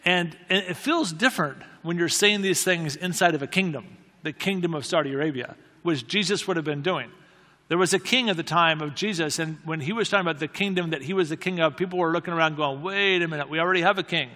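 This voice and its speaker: A man's voice: on the high side, brisk, bright, forceful tone. A man from the United States telling a personal story as a sermon, earnest and conversational with frequent restarts. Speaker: preacher. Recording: long hall reverb.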